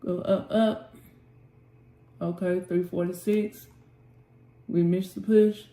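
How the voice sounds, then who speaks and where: Calling out prices and sweet-talking the chart with little prayers, a woman hosts a trading channel's live session. She speaks slowly in a lowish, warm, steady voice, and the room echoes with faint music behind.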